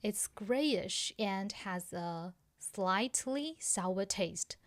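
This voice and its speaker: A woman with a Chinese accent co-hosting a podcast, teaching slowly and repeating words carefully for learners. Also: medium pitch, lively intonation, dry recording. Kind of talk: slow language lesson chat.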